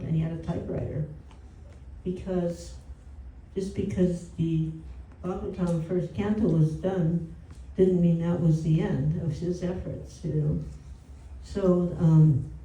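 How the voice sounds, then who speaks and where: Woman storyteller at a home gathering, low warm voice, conversational, picked up at a distance. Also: a little hiss or hum. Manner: conversational, frequent "you know" asides. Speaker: speaker at a devotional home program. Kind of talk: storytelling talk. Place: indoor gathering room. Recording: roomy and distant from the mic.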